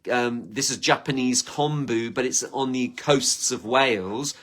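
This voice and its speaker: A man talks straight to his viewers in a loose, rambling monologue. He jumps from one idea to the next with eager enthusiasm. His pitch sits in an ordinary middle range, and he often slips into little acted-out conversations. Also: measured pace, fairly bright tone, a little hiss or hum. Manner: rambling and enthusiastic, acts out imagined quotes. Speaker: channel host.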